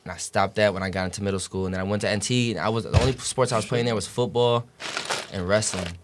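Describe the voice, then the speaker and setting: A young adult college basketball player, guesting on a podcast, rambles through stories in a fairly low, steady voice at a fast clip, with a little hiss or hum in the audio. His casual talk is packed with slang, heavy swearing and fillers like "you know what I'm saying".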